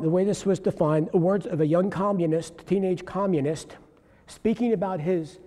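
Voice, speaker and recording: Male preacher, high voice with a warm, mellow tone, earnest storytelling sermon in a hall with long reverb. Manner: earnest storytelling, rising to exhortation. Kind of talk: sermon testimony.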